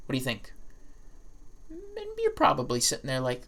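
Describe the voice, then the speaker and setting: A woman professor giving a recorded statistics lecture, playful and lively, acting out what imagined students would say, with frequent restarts and asides. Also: rumbling low, normal speed, long pauses.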